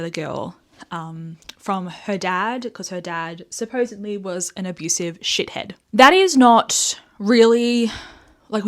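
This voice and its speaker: A young Australian woman hosting a casual book vlog, animated and sweary as she rants, with frequent laughs. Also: mid-range voice. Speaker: book reviewer host.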